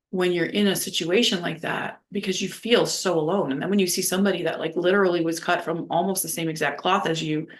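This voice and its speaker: A woman from New Orleans telling a candid personal story, rambling with lots of "like" and blunt swearing. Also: lowish voice. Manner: rambling, heavy use of "like", blunt and profane. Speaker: vlogger.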